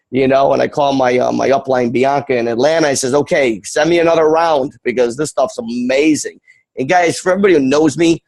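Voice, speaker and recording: A man from Western New York talks with lots of energy, rambling from one point to the next and filling gaps with "uh" and "you know." His voice sits at a middle pitch and sounds close and dry, as if he is on a video call. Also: a little mellow, no room sound, rough recording. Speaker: guest presenter. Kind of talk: sales presentation on a video call.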